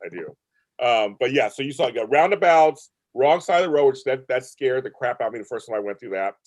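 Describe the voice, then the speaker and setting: Lively, expressive male interview host. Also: medium pitch, a little fast, no echo. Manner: enthusiastic, rambling, repeats himself. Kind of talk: casual interview chat. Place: Los Angeles.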